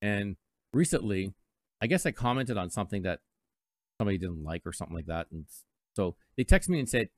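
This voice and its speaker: A man with a fairly low voice, hosting live radio from a dry, close-miked studio. He rambles casually through reflections and stories, slipping into playful mock voices now and then. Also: animated, fairly quick, pauses often, dry recording. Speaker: radio host.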